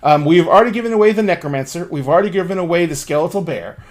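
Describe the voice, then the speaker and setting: A man's voice: on the high side, racing. A man running a tabletop game on a stream, talking in a casual, rambling way and swearing now and then. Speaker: game master.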